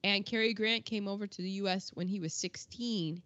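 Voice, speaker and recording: A woman's voice: medium pitch, fairly even intonation, a bit bright, dry recording. American woman podcast co-host, chatty and opinionated, dull dry lo-fi audio. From United States. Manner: chatty, opinionated, quick asides. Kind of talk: casual chat.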